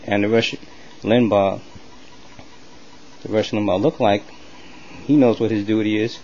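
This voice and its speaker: A man telling a comic story to the camera in a loose, rambling, animated way. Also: medium pitch, normal speed, pauses often, muffled recording, a little hiss or hum. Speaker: comedy vlogger.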